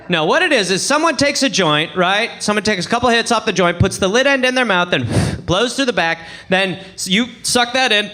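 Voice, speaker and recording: Young english comic on stage, bright bouncy voice, slight room hiss. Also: male voice. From England. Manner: animated storytelling, jumping between high excited bursts and low asides. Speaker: stand-up comedian. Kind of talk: stand-up comedy set. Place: comedy club stage with audience.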